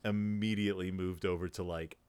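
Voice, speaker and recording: A man's voice: deep voice, flat delivery, brisk, a little mellow, smooth, no room sound. A man co-hosting a podcast, chatting casually about books in a rambling, playful, joking way. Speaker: podcast co-host. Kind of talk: casual book chat.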